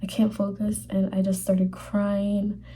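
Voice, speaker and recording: A young woman telling a personal faith testimony in a halting, casual way, full of fillers, sometimes dropping to a whisper. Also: medium pitch, completely flat delivery, dark tone, slight background noise. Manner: halting, many fillers, drops to whispers when emotional. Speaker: vlogger sharing a faith testimony.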